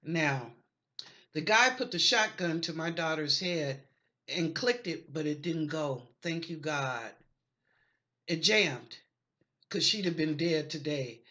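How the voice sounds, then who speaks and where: A woman's voice: fairly low pitch, bright, forceful tone. A middle-aged woman from the United States hosting her own show, talking straight to viewers in an impassioned, pleading, folksy way. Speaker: online psychic show host. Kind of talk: impassioned monologue to camera.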